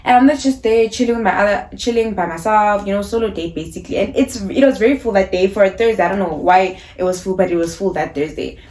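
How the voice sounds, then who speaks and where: A young South African woman chats straight to camera, lively and slangy as she tells a personal story. Her voice sits in an ordinary middle register, and she slips quickly into acting out what people said. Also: mid-range voice. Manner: animated, acts out dialogue, slangy. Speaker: YouTuber. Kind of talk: casual storytime vlog.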